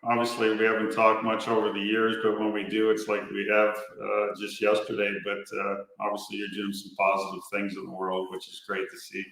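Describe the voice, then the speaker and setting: A man who is a former hockey player, a podcast guest speaking in an even, measured way from a bare office. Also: on the low side, gravelly. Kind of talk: casual podcast interview. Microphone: headphones and remote mic in echoey room. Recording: echoey bare office audio.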